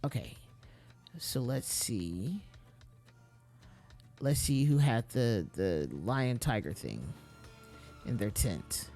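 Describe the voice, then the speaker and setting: A man's voice: medium pitch, big pitch swings, slow, long pauses, dark tone, soft background music. A man streaming a mystery game, thinking aloud, restarting sentences and reading in-game letters aloud with small stumbles.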